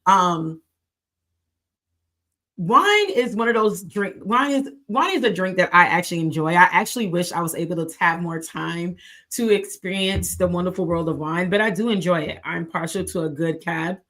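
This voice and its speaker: A woman's voice: on the low side, moderate pace, fairly bright tone. A young adult woman with an American accent, hosting a book club livestream in a chatty, playful way with laughing asides. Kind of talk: casual livestream chat.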